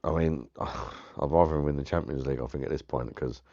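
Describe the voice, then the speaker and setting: A man's voice: a bass voice, a little fast, gravelly, mellow. A man hosting a live stream, chatting casually with viewers by name, laughing often and swearing freely. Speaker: live-stream host reviewing beer. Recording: dull lo-fi stream audio.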